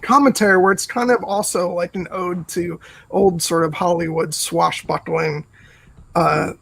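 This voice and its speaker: A man's voice: high voice, fairly even intonation, a little slow, vocal fry, fairly bright tone, slight background noise, rough recording. Enthusiastic man hosting a film podcast. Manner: enthusiastic, fond of quoting lines. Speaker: podcast host. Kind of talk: casual film discussion.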